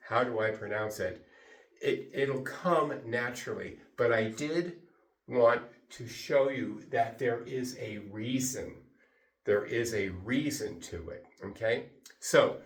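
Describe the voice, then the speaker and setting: A man teaching English pronunciation to a class, drilling sounds slowly with lots of repetition. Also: mid-range voice. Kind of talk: classroom lesson. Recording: echoey room, voice from far off.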